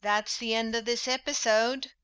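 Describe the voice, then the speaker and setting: A woman teaching an English podcast lesson, reading drill sentences slowly and deliberately for listeners to repeat. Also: on the high side, steady tone, a bit bright, clear, resonant tone.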